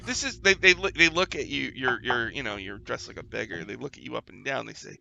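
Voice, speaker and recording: A man's voice: mid-range voice, expressive, fairly quick, vocal fry, few pauses, crowd noise. A man narrating a tabletop game as game master, often laughing and stumbling over restarts.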